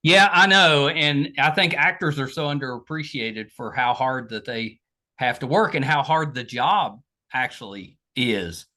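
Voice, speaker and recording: A woman's voice: very deep voice, lively intonation, measured pace, bright, forceful tone. A woman from West Virginia with a strong Southern drawl, hosting a podcast interview in a chatty, self-deprecating way. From West Virginia, USA. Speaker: podcast host. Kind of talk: casual interview chat.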